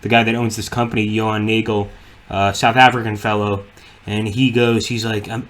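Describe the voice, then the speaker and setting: A man's voice: on the low side, little pitch movement, moderate pace, fairly bright tone. A man hosting a livestream in casual chat, rambling and profane, with many fillers. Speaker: livestream host.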